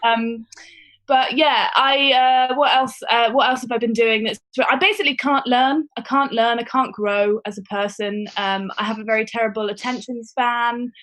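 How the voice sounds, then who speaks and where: A woman's voice: fairly high pitch, fairly even intonation, moderate pace, fairly bright tone, poor audio. A woman comedian doing a self-mocking, rambling stand-up bit on a panel show over a video call. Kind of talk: stand-up style monologue.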